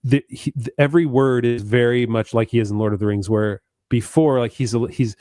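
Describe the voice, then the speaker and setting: A man's voice: medium pitch, steady tone, brisk, warm tone, dry recording, clean studio sound. A man co-hosting a podcast, talking eagerly about a book with frequent stammered restarts. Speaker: podcast co-host. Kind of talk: casual book discussion.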